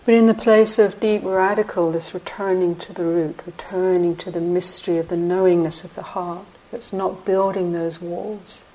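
A woman meditation teacher giving a dharma talk in a slow, reflective way with frequent pauses. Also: on the low side, fairly even intonation, darkish tone, low-quality recording.

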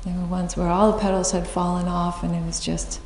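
A woman giving a dharma talk as a meditation teacher, telling a story in a reflective, unhurried way and laughing often. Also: fairly low pitch, level tone, a little mellow, slight background noise. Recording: echoey hall with faint ambience.

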